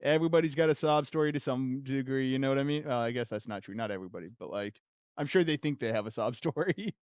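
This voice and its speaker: A laid-back man chatting on his game stream, his voice smooth and resonant at an ordinary pitch. He talks loosely with plenty of fillers and laughs often. The sound is dry and close, with no room around it. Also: quick pace, a little mellow, no echo. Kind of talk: casual chat with stream viewers.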